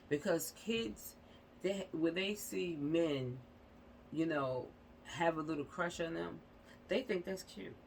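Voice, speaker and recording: A woman's voice: deep voice, gravelly, a bit bright, slight background noise, poor audio. A woman hosting a casual commentary vlog, talking bluntly and emphatically, often repeating herself and checking in with "you know what I'm saying". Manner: blunt, uses mild profanity. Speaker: channel host.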